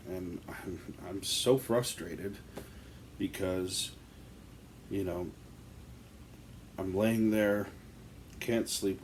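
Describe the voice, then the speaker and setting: Man, deep voice, slow delivery; casual first-person ghost storyteller, loose and rambling. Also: darkish tone, slight background noise. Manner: rambling, filler-heavy, conversational.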